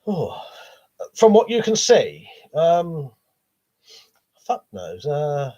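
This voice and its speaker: A man's voice: a little high, wildly swooping pitch, very slow, warm tone. A man with a cold, coughing as he hosts a live stream, reading viewer chat in a rambling, sweary, hesitant way. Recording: dull lo-fi stream audio.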